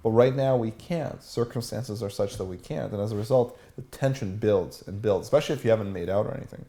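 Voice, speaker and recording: A man's voice: fairly low pitch, quick pace, creaky, warm tone. A man teaching a seminar as a dating coach, asking the room questions and acting out example lines.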